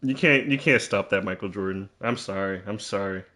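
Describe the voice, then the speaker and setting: A man's voice: on the low side, brisk, pushed and bright. A man commentating his own basketball video game, teasing and trash-talking in a mock-serious way and often repeating himself.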